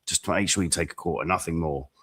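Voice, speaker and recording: Very deep, bright-toned man. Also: quick pace, husky. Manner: animated storyteller, laughs at own jokes. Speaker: dating coach podcast co-host. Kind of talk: casual podcast chat.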